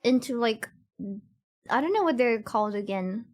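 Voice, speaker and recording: High-voiced woman chatting to her stream. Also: expressive, normal speed. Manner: rambling, giggly, many fillers; talks straight to chat. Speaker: cosplay streamer. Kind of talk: casual chat with stream viewers.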